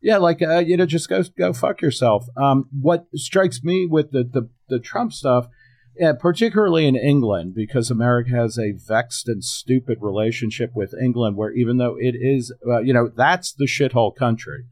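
A man's voice: mid-range voice, moderate pace, a little mellow. A man on a discussion panel, blunt and profane, rambling with many fillers. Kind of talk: podcast discussion.

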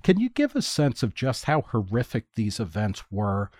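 A man's voice: on the low side, wildly swooping pitch, moderate pace, a little mellow, dry recording. A male interviewer builds long questions around hesitant fillers. The recording is close and dry, with no room sound. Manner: hesitant, many "you know" fillers. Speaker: interviewer host.

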